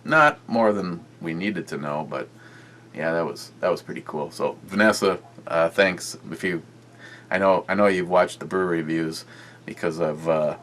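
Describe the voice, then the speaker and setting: A man with a very low voice talks casually into his camera for a beer-review vlog. He rambles, trails off and restarts his sentences, padding them with fillers. A faint hum sits underneath. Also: normal speed, fairly bright tone.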